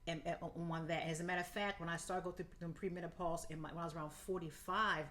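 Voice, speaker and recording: A woman in her fifties co-hosting a podcast, chatting candidly and encouragingly, laughing often and jumping high in pitch for quoted asides. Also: steady tone, fast talker, bright, forceful tone. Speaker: podcast co-host. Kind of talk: casual health chat.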